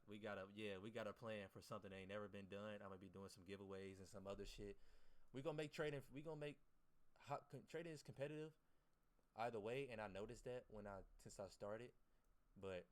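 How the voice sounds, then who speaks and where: A man's voice: fairly low pitch, fast. A man day trader chatting casually to his livestream viewers, rambling and profane as he gives his chat a pep talk.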